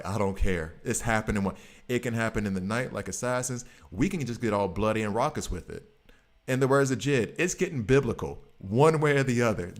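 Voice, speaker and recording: A man streaming a game, chatting casually in a rambling, jokey way. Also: mid-range voice. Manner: animated, rambling, jokey, breaks into quick voices. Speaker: gaming streamer. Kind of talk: casual chat while gaming.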